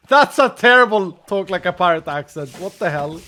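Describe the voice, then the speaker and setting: Guy streaming a game, kinda high voice, tired and jokey, rambling to chat. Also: lively intonation, a little fast, sharp tone. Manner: chatty, jokey, thinks aloud while playing. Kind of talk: casual gaming livestream chat.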